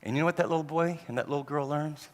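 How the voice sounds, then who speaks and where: A man preaching a sermon on parenting, telling stories and acting out parents and children in an animated way. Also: a little high, rapid-fire. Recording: long hall reverb.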